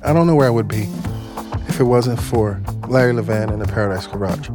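A man telling a personal story in a casual, animated way, swearing now and then and acting out what people said. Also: on the low side, fairly quick, music in the background. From United States. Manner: animated, swears, acts out quotes. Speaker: guest storyteller.

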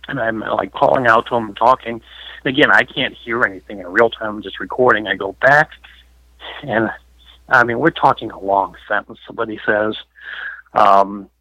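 A middle-aged man tells his stories to an interviewer in a rambling, emotional way, full of fillers. His voice is bright and close, with no room sound. It comes through a dull, lo-fi phone line. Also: fairly low pitch, moderate pace, no room sound. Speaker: paranormal investigator guest.

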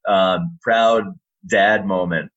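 A man who works as an arena announcer, telling animated stories in an interview. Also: sits low, very slow, dull audio. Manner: animated storyteller, lively, acts out quotes. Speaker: arena public address announcer. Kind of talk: storytelling in a podcast interview.

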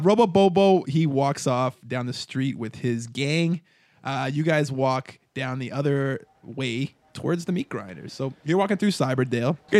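A man's voice: medium pitch, dry recording. Man, game master, casual narration, rambling, fillers.

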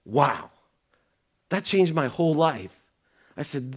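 A man's voice: a little high, sing-song, slow pace, pauses often, breathy edge. A middle-aged man giving an earnest motivational talk, telling a personal story and acting out the exchanges in it. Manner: earnest, acts out quoted exchanges. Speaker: speaker sharing personal lessons.

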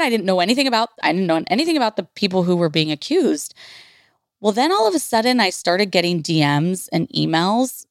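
A woman's voice: fairly low pitch, dry recording, studio quality. A woman in her thirties from Northern California telling a personal story on her podcast, candid and casual, swearing freely and filling with "like". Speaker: podcast host.

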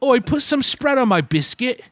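A man's voice: very high-pitched, big pitch swings, normal speed, voice pushed up. A man putting on a pompous mock British man with old-fashioned parody phrasing.

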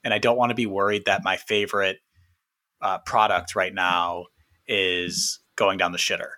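A man's voice: deep voice, level tone, moderate pace, sharp tone. A man with a Michigan accent, co-hosting a casual podcast chat, opinionated and self-mocking. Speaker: podcast co-host.

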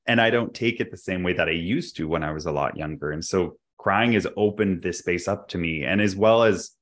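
A man co-hosting a podcast, talking candidly and reflectively in casual chat. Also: deep voice. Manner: candid, reflective, quick to laugh. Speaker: podcast co-host.

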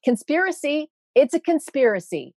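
A woman's voice: high voice, very animated, normal speed, a little mellow, no echo. A woman guest on an interview show, speaking in an indignant, emphatic way. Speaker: guest, meteorologist. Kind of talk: impassioned interview talk.

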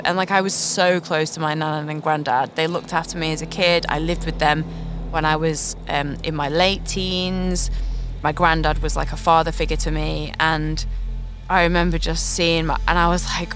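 A woman's voice: low voice, fairly even intonation, moderate pace, fairly bright tone. Podcast host, woman, 30s, earnest confessional storytelling over music. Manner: earnest, reflective, with nervous laughs. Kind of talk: personal storytelling.

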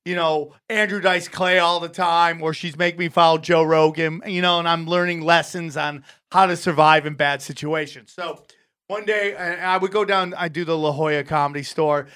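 A male comedian telling a long story in casual chat, animated and profane, acting out voices of the people in it. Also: on the high side, normal speed, clean tone. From California. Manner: animated, profane, acts out voices in his stories. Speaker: comedian guest.

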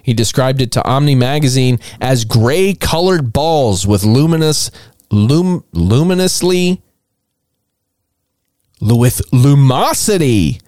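A man's voice: medium pitch, animated, takes it slowly, darkish tone, no room sound, studio quality. Irreverent swearing male podcast host. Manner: irreverent, mocking, swears often, laughs at own material. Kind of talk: comedic storytelling podcast.

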